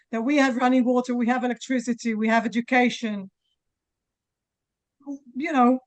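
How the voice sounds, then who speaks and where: A woman, a mother of hostages making an emotional, halting appeal at a press conference, near tears. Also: fairly high pitch, a little mellow. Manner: halting, many pauses and restarts.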